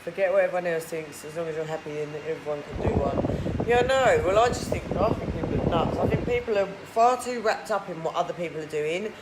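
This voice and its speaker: Woman, live-stream host, chatty and filler-heavy, phone mic in a clinic with clear background noise. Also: deep voice, fairly quick. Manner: chatty and rambling, many "like" and "you know" fillers. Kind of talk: casual live-stream chat, reading viewer questions. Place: hair clinic, indoors.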